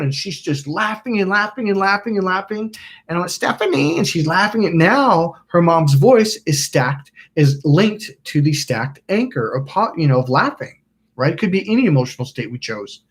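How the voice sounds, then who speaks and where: A man hosting a self-help channel, telling a story in a rambling, casual way, acting out quotes and swearing now and then. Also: a little high. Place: indoors by a smoking candle.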